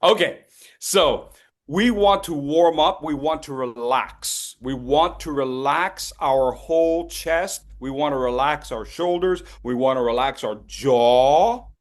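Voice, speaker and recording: Man, public speaking coach, video call, slow deliberate pace, playful teasing. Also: on the high side. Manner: playful, teasing participants by name; slow, deliberate emphasis when teaching. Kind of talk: online voice workshop.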